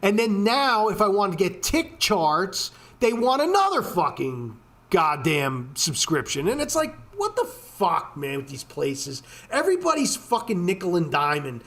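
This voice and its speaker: A man's voice: sits high, big pitch swings, unhurried, a bit bright. A man hosting a casual screen-share walkthrough of trading charts, talking in a profane, ranting way with lots of swearing and filler words. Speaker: trading video host.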